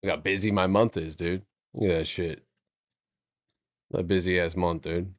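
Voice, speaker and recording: Deep-voiced, profane trading streamer. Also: male voice, steady tone, unhurried, no echo, clean studio sound. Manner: profane, joking, thinking aloud. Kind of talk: casual live-stream chat.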